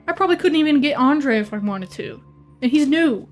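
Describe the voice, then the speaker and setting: A woman player role-playing in a tabletop game, excitable and quick to swear. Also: sits high, soft background music. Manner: excitable, swears often, laughs a lot. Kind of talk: in-character tabletop role-play.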